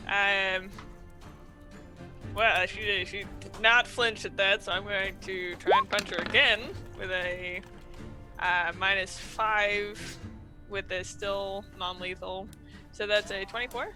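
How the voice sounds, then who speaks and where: Hesitant player with a very bright voice. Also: male voice, sits high, steady tone, slow pace, faint music behind. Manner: hesitant, many fillers. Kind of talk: tabletop game chat.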